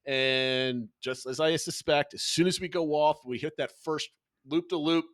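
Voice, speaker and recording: A middle-aged man co-hosting a podcast, telling trip stories in a lively chatty way with frequent restarts. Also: fairly high pitch, measured pace, no echo. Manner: animated storytelling with frequent restarts. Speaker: podcast co-host, father. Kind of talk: casual chat.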